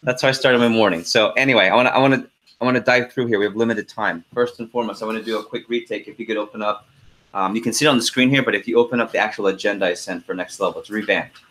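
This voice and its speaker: A middle-aged man leading a team conference call, telling a lively story with laughs and then going through the agenda. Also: lowish voice, rapid-fire.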